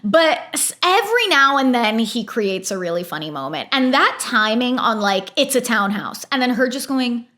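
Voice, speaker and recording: Young woman, fairly high voice, casual reality-TV recap host, blunt and opinionated. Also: very animated, moderate pace, hardly any pauses, pushed and bright. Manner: opinionated, chatty, exasperated asides.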